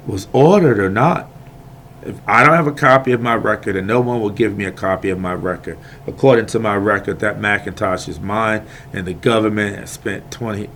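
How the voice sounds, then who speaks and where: Man, lowish voice, heated digressive rant to camera, faint hiss behind. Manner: heated, digressive, repeats himself, swings between quiet and loud. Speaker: video maker airing grievances. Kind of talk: impassioned ranting monologue.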